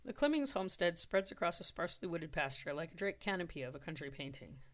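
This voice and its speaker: An author reading their own story draft aloud as storybook narration, steady with occasional self-corrections. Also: medium pitch, quick pace.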